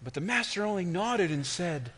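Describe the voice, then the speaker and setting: A man animates a clay teacup in a story told within a sermon, speaking at a moderate pace in a slightly bright voice. The cup pleads through its shaping with high, strained cries.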